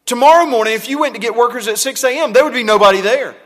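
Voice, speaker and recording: A male pastor preaching a sermon in a church, moving between hushed, low passages and loud, emphatic pushes. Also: rapid-fire. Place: church sanctuary. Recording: long hall reverb.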